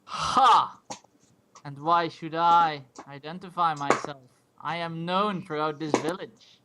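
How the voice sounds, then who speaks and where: A stern, proud dwarf guard in heavy armor, put on by a man running a tabletop game. He speaks in a haughty, challenging way and sits fairly high in pitch. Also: fairly even intonation, unhurried, noisy background, natural voice.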